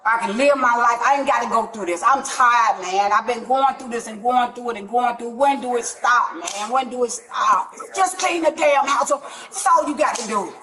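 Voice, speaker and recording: A middle-aged woman, a mother at home, arguing loudly and in exasperation with police officers. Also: fairly high pitch, normal speed, few pauses. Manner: loud, exasperated, shouting. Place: inside a home, bodycam audio. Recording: roomy bodycam audio with background voices.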